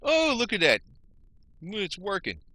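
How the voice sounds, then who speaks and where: Rambling, irritated man, bright voice. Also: high-pitched, wildly swooping pitch, unhurried, no room sound. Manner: rambling, frustrated, talks to viewers as "you guys". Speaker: vlogger. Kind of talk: rambling screen-share rant.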